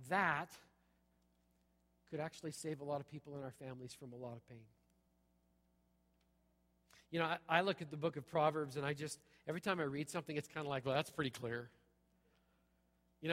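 A man's voice: on the high side, fairly bright tone. A middle-aged male pastor preaching a sermon, punchy and conversational, checking in with "okay?" again and again. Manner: punchy, repeats "okay?" often. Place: church sanctuary. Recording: long hall reverb.

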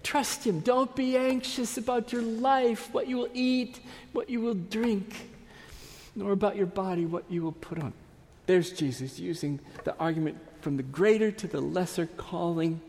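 A man with a high voice preaches slowly and deliberately. His earnest, emphatic delivery often sinks to a near hush at the ends of phrases. A long hall reverb trails behind every word. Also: gravelly, a little hiss or hum. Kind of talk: sermon.

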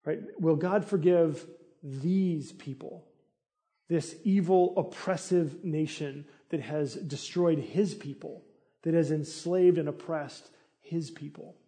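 Casting: middle-aged male pastor, conversational sermon delivery, slightly high voice, earnest. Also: takes it slowly, dark tone. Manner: earnest, conversational preaching with rising intensity.

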